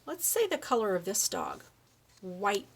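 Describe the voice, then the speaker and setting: A woman giving a children's speech lesson, reading a picture book aloud and slowly modeling words for a young child to repeat. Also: mid-range voice, huge pitch swings, husky. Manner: slow, encouraging, exaggerates word sounds for a child. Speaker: speech therapist.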